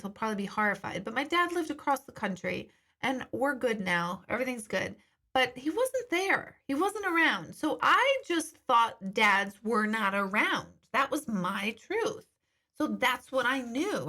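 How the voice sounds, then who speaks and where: A woman's voice: on the high side, big pitch swings, unhurried, pushed and bright. A middle-aged woman hosting a casual live stream, chatting candidly and reading viewer comments, with the occasional swear word.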